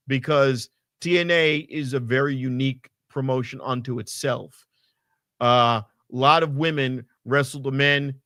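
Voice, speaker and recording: A man casually recapping a wrestling show, animated and rambling, with lots of fillers and swearing. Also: medium pitch, no echo, studio quality. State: hot and sweaty. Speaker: podcast co-host.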